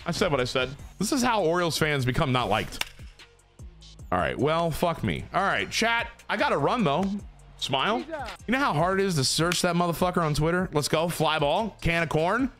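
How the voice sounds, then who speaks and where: A man's voice: on the high side, very animated, moderate pace, fairly bright tone, faint music behind. A young man streaming a baseball video game, cheering, groaning and swearing at each play while talking to his chat. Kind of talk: casual gameplay commentary to chat.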